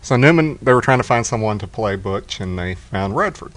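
A man's voice: on the low side, lively intonation, fairly quick, a bit bright, dry recording. A man with a Texan accent co-hosting a podcast, telling stories and cracking jokes in casual chat. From Texas. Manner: joking, storytelling. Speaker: podcast co-host.

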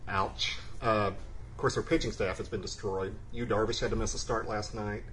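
Low-voiced man in easy cigar chat. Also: steady tone, moderate pace, fairly bright tone, a little hiss or hum, poor audio. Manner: easygoing, laughs often, trails off with fillers. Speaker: podcast co-host. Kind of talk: casual chat about cigars and sports.

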